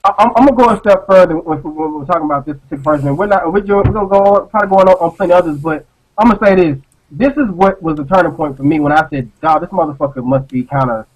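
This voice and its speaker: A man co-hosting an online live show, ranting in a casual, profane, animated way and often repeating words as he talks. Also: fairly high pitch, muffled recording. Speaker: podcast co-host.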